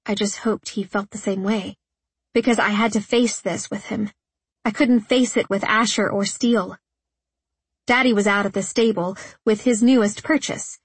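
A woman's voice: medium pitch, slightly rough, no echo. A woman reading first-person audiobook narration in an earnest, emotional way, close to the mic.

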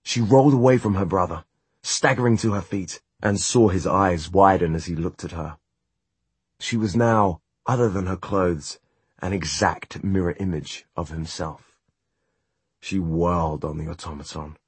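A man narrating a novel as an audiobook in a steady, measured reading. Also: deep voice, husky, no echo. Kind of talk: scripted narration.

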